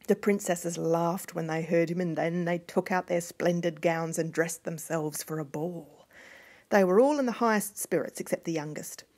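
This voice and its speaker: A woman reading a fairy tale aloud in a hushed voice that often drops to a whisper. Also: on the low side, creaky, breathy edge. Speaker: storyteller.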